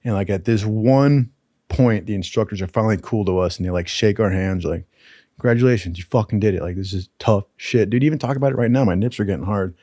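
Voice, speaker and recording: A man's voice: fairly low pitch, fast, mellow, dry recording, clean studio sound. A young man telling a profane, casual story from his training, laughing often and saying "dude" a lot.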